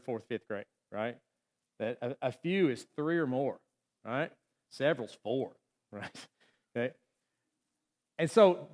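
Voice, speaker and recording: A man preaching a sermon in a conversational way, often checking in with the congregation and acting out the voices in the story. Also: medium pitch. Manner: conversational, asks the room "right?" often; acts out quoted voices. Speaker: pastor. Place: church.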